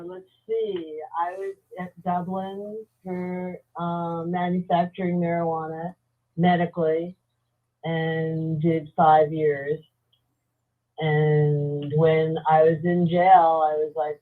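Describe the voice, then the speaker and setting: A woman guest calling in to a casual interview, telling her story in a chatty, unhurried way. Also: fairly low pitch, flat delivery. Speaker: guest, advocacy group founder. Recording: tinny phone-like line.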